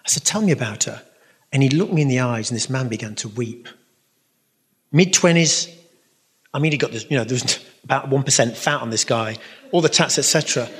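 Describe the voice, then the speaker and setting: This Catholic speaker and musician, a man, fields audience questions and spins stories earnestly, wandering off into plenty of asides. His mid-range voice is fairly bright, with lively intonation and a brisk delivery broken by long pauses. It's a storytelling talk with Q&A, recorded in a reverberant hall.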